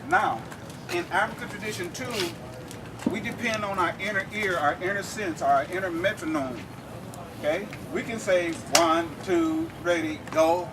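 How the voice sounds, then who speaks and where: A drum instructor with a high voice leads a group through rhythms at an outdoor campus event, speaking at a moderate pace. He explains each step in lecture-demonstration style and keeps checking in with "okay?". The distant mic picks him up clearly along with the outdoor noise.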